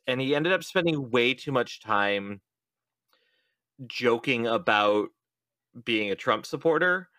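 A man's voice: mid-range voice, takes it slowly, pauses often, dry recording. A young adult man hosting a podcast, telling a story in casual chat and acting out the quotes. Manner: animated storyteller, acts out quotes. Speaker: podcast host.

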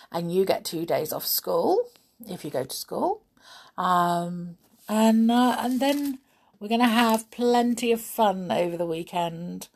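A woman reading a story aloud to children, gentle and chatty, a little hoarse with a frog in her throat. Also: mid-range voice. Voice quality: throat-clearing.

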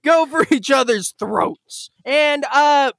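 A man hosting a podcast in casual, ironic banter, mock-serious and prone to bursts of shouting mockery. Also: very high voice, expressive, slow pace, vocal fry. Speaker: podcast host.

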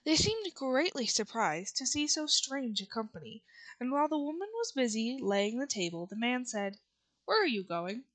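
A woman narrating a classic storybook in a steady reading voice. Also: high-pitched, normal speed. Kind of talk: audiobook narration.

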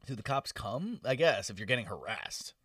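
Guy chiming in with jokes, lively up-and-down voice, bit off mic. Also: mid-range voice, no echo, studio quality, recorded from a distance. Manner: quick reactive interjections, joking. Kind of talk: casual chat.

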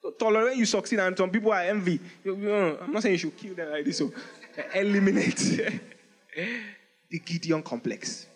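A male pastor preaching a lively sermon, reading scripture aloud in old-style English and laughing often. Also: a little high.

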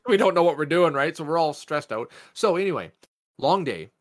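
A man co-hosting a podcast, telling a long story in a loose, profane way, padding it with "like" and acting out quotes in a raised voice. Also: normal speed. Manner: profane, animated storyteller with many "like" fillers; jumps up in pitch when acting out quotes. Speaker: podcast co-host. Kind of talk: casual storytelling chat.

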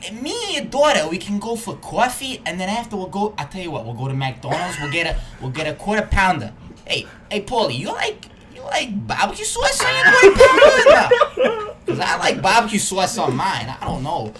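A man's voice: high voice, wildly swooping pitch, fairly quick, noisy background, pitched above the performer's own voice. Name: a man putting on a brash, swaggering guy. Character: brash chatty man with a put-on accent. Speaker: podcast co-host.

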